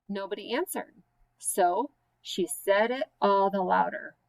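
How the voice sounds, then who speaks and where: A woman teacher reading silly children's poems aloud with slow, sing-song, playful emphasis. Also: mid-range voice, lively intonation, a little mellow, poor audio. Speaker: special education teacher.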